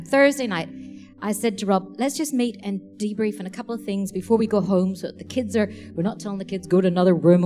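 A woman preaching a sermon, telling lively stories and laughing as she acts out the people in them. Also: medium pitch. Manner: animated, laughing storyteller. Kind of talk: sermon storytelling.

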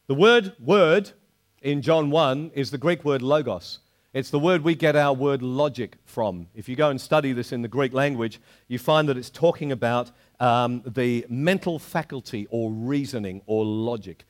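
An older man preaching a sermon to a congregation, animated, slowing down to stress quoted verses. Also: medium pitch. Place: church hall before a live congregation.

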